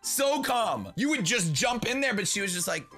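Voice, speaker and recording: A young man giving casual comedic commentary as a YouTuber, excitable, swearing freely and laughing often. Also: high-pitched, moderate pace, faint music behind. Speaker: YouTuber reacting to online posts.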